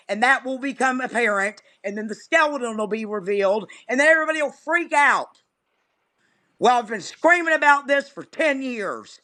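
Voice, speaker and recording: A woman's voice: a little high, a bit bright. A woman guest on a live stream, ranting in an angry, exasperated, vehement way. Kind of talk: impassioned ranting.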